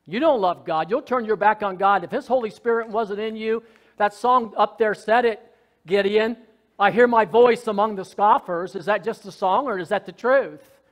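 Fervent high-voiced male preacher. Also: normal speed. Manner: fervent preaching, swinging from soft asides to loud shouted lines; folksy, joking. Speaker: pastor. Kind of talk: sermon.

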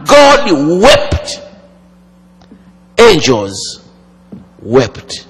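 Slow, gravelly preacher in a hall. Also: male voice, high-pitched, animated. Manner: slow, dramatic preaching with long pauses and sudden swings from loud to hushed. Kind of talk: sermon. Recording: long hall reverb.

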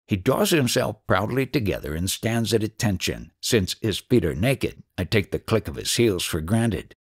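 Guy reading an audiobook, low voice that moves around a lot, dry close sound. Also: big pitch swings, normal speed, hardly any pauses, breathy edge, no room sound. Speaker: audiobook narrator. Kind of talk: scripted audiobook narration.

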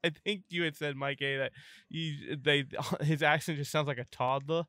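A man co-hosts a casual podcast and gives context in a halting way, restarting his sentences. His voice is smooth and resonant, and the sound is dry and close. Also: a little high, fairly even intonation, bright, forceful tone, no room sound. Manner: hesitant, restarts often.

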